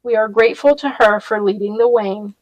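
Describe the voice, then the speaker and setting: A grave middle-aged woman who leads a town, read by a woman narrator. Her voice is deep with a slight quiver. It is recorded dry and close. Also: fairly quick, no room sound, close to an everyday voice, low-quality recording. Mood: solemn.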